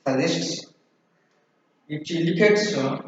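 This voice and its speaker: Guy lecturing slow, says each bit twice for notes, far off in a big echoey room. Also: a little high, a little hiss or hum. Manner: repeats each phrase for note-taking. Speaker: college lecturer. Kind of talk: slow dictation to a class. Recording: echoey distant hall, lo-fi.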